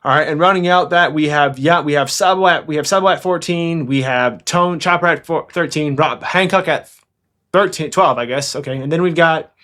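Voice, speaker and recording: Excitable fast-talking young man. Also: a little high. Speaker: anime commentary channel host. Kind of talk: casual fan commentary.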